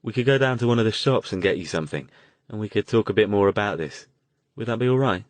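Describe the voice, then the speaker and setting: Man reading a calm, polite mage, low voice, dry close mic. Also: dry recording, lightly acted. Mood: coaxing. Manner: gentle, measured and courteous. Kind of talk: audiobook character voice.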